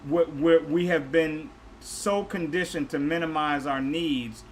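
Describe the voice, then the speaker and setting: A man with a fairly high voice hosts a relaxed podcast chat, upbeat and conversational, tossing questions to his guests. Faint background noise sits under his voice. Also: unhurried. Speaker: podcast host. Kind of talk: casual chat.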